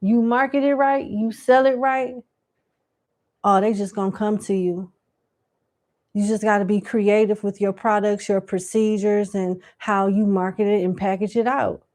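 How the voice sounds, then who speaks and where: A woman's voice: medium pitch, steady tone, unhurried, a little mellow. A woman giving live tarot question readings in a casual, slangy, chatty way. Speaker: tarot reader.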